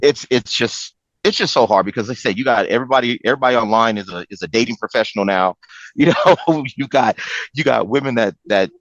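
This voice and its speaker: A man's voice: medium pitch, fast talker, no room sound, lo-fi sound. A man in his forties, a podcast host, chatting casually and acting out quoted lines as he tells stories. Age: 40s. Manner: animated storyteller acting out quotes. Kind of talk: casual chat.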